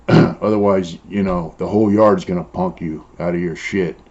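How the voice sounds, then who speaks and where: A deep, slightly mellow male voice with fairly even intonation and a moderate pace belongs to an older former prisoner from San Diego in Southern California. In an interview, he casually tells profane, blunt prison stories, leaning heavily on "uh" and "you know." The audio is dull and lo-fi.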